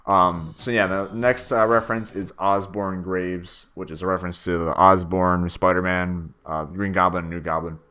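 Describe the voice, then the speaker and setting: A man's voice: low-pitched, little pitch movement, normal speed, few pauses, bright, forceful tone, smooth. A young man giving a rambling, stammering director's commentary on his own machinima, full of fillers and swearing.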